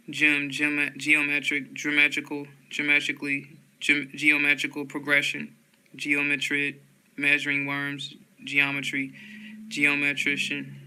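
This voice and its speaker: A man slowly reading dictionary headwords aloud in a flat monotone, often restarting words. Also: fairly high pitch, clean tone, poor audio.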